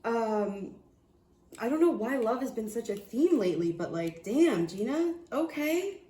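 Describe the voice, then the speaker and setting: A woman giving a casual tarot reading, excitable and profane, often restarting her sentences. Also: on the high side, normal speed, echoey room. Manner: excitable, swears, laughs, trails off and restarts. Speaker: tarot reader.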